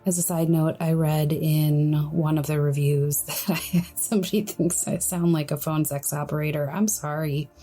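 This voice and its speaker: A young woman hosting a solo podcast, speaking in a quiet, breathy, hushed voice as she gives advice. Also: deep voice, steady tone, moderate pace, few pauses, soft background music. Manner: hushed, soft-spoken, friendly. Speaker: podcast host.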